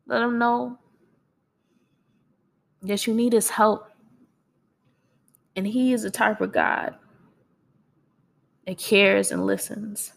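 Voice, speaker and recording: Woman, mid pitch, gravelly fry, crying through an earnest faith talk. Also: steady tone, takes it slowly, long pauses. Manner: earnest and encouraging, with soft laughs. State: tearful, crying. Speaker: speaker sharing faith. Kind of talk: personal devotional talk.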